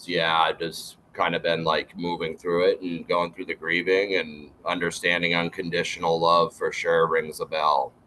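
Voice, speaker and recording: Very deep-voiced reflective man. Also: level tone, moderate pace, few pauses, sharp tone, a little hiss or hum, poor audio. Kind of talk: casual chat.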